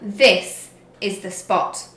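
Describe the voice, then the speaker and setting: A woman voicing a bossy, gruff male pirate chief who gives slow, emphatic commands in a storybook. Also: mid-range voice, sharp tone, heavy reverb.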